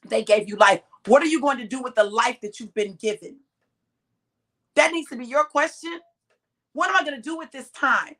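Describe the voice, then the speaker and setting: Her voice high and slightly bright, a middle-aged woman preaches to her listeners at normal speed. The exhortation is direct and emphatic, with the stressed words drawn out.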